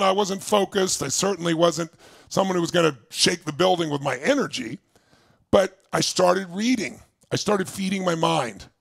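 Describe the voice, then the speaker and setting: A gravelly older man tells his story to a crowd with the force of a motivational speaker, his voice sitting a little high for a man. He swings between loud, driving bursts and quiet, close asides, and the sound is dry and close to the mic. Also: dry recording. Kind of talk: motivational stage talk.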